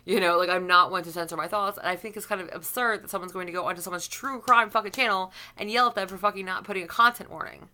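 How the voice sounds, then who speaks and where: Fast, bright-voiced woman ranting bluntly. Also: on the low side. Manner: blunt and heavily profane; opinionated, rambling with restarts. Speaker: YouTuber. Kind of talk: casual opinion rant to camera.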